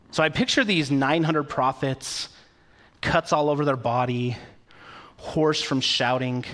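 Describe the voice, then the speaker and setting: Male pastor, sermon, storytelling, conversational, mid-pitched voice. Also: a bit bright.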